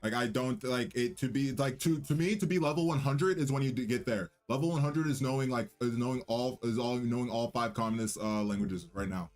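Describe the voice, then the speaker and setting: A man's voice: medium pitch, brisk, hardly any pauses, darkish tone, soft background music. Cocky young man rambling on a livestream. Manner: loose, rambling, cocky banter with restarts. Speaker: livestream host and musician. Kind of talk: casual livestream chat.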